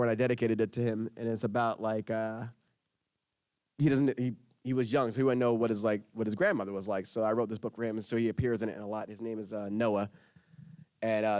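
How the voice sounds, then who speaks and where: A man in his thirties performing spoken-word poetry, telling stories in an animated, self-interrupting way and often laughing. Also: mid-range voice, a little fast, clean tone, no echo, clean studio sound. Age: 30s. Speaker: poet performing at a school writers' week.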